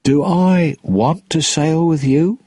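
A man's voice: takes it slowly, no echo, studio quality. A man reading aloud, voicing a cocky, teasing male pirate captain. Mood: mocking. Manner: high, lively, mocking lines.

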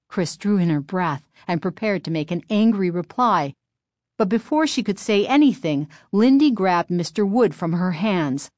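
A woman's voice: fairly low pitch, a little slow, darkish tone, no room sound, clean studio sound. A woman narrating a children's story aloud, reading expressively.

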